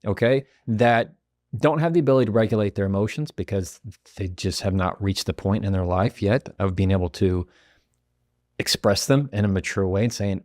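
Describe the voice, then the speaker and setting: A man's voice: lowish voice, brisk, no echo, studio quality. A man, hosting a motivational podcast and acting out quoted voices. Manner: animated, acts out quoted voices. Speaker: podcast host.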